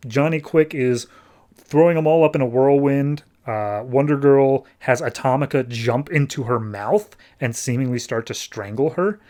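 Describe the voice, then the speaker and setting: A man's voice: on the high side, a little mellow. A man hosting a podcast, recapping a comic issue in a casual, chatty, wry way. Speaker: podcast host.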